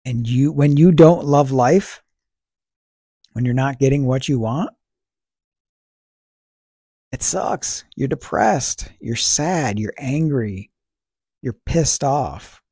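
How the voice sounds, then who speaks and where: A man's voice: medium pitch, lively intonation, takes it slowly, pauses often, dark tone, husky, no room sound, studio quality. A man hosting a podcast, talking through ideas in a casual, reflective monologue, posing rhetorical questions and answering them himself. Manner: conversational, fillers like "you know" and "right". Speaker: podcast host.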